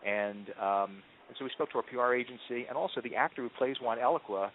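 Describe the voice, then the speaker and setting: A man being interviewed as a marketing executive, telling stories in an animated way with frequent ums and restarts. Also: mid-range voice, fast talker, slight background noise. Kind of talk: conversational interview answers. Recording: tinny phone-line audio.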